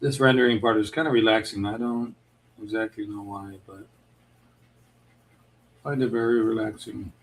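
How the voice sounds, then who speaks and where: A man from Chicago with a Chicago accent, chatting casually with viewers while drawing on a livestream, laid-back and quick to laugh. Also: on the low side, fairly even intonation. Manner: laid-back, laughs often, restarts sentences. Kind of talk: casual chat.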